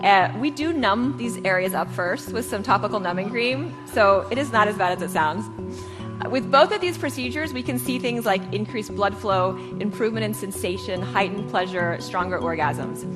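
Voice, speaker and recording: A woman's voice: medium pitch, animated, normal speed, big-room sound, music in the background. A woman physician explaining medical procedures matter-of-factly in a stage talk.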